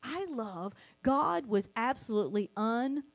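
High-voiced woman preaching a sermon. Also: unhurried, creaky. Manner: animated, acts out quoted voices.

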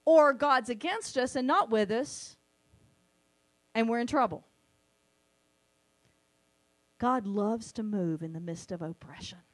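High-voiced woman preaching a sermon. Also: a little slow. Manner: animated, acts out quoted voices.

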